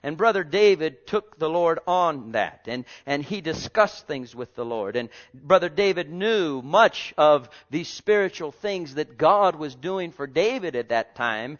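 A man preaching a fervent sermon, calling out to the congregation, dropping to soft low words and rising to loud high exclamations. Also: animated, unhurried, hardly any pauses. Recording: dull lo-fi recording.

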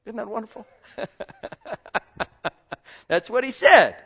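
Animated preacher man, lively pitch. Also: takes it slowly, breathy edge, dull audio. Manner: animated, swings from loud exclaiming to quiet asides; calls out to the congregation. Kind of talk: sermon.

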